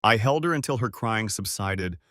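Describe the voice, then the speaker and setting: A man narrating a first-person revenge story in a measured, wry storytelling manner, recorded close to the mic. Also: lowish voice, lively intonation, a bit bright, dry recording.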